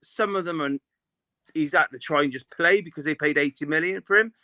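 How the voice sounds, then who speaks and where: A man's voice: on the high side, brisk, pushed and bright, dry recording. A man, co-hosting a casual football chat, opinionated and rambling with many restarts. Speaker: podcast co-host.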